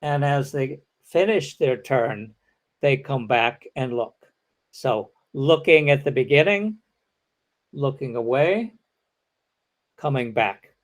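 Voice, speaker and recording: A man's voice: mid-range voice, animated, slow pace, long pauses. A man giving an academic lecture, explaining step by step and acting out example sentences.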